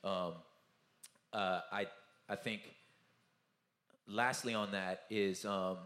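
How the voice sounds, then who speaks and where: A man's voice: fairly low pitch, slow. A man speaking at a conference talkback in a loose, rambling style. He keeps adding "you know what I'm saying" and acts out the people he quotes. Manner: animated storyteller who acts out the people he quotes. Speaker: touring Christian music artist at a conference talkback. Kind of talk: casual conversational talkback. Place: event hall. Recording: roomy event hall sound.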